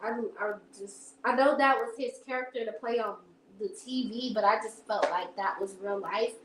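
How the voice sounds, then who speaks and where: A woman's voice: fairly high pitch, moderate pace, noisy background. A young woman, chatting casually to viewers in a rambling, laughing storytelling way. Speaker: live stream host. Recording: echoey room.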